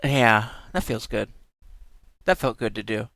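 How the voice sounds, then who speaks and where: A young adult streamer talking in unhurried, casual live-stream chat. The pitch swings widely as they giggle and gush, with the odd swear thrown in. The sound is close and dry, with no room around it. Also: lively intonation, vocal fry, a bit bright, no echo.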